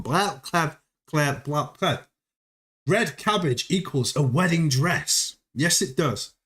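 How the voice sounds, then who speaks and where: A man hosting a casual livestream, playful and quick to exclaim and laugh. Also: on the high side, fairly bright tone. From United Kingdom. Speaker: livestream host.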